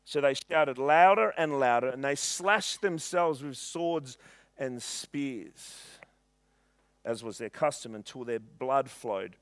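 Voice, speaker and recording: A man preaching a sermon in church, reading scripture aloud and retelling it with animated humor. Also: medium pitch, slow pace, dry recording. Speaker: pastor.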